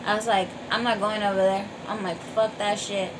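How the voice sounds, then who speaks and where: A woman telling a long story in a casual eating vlog, animated, swearing freely and full of fillers. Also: medium pitch, moderate pace, background noise.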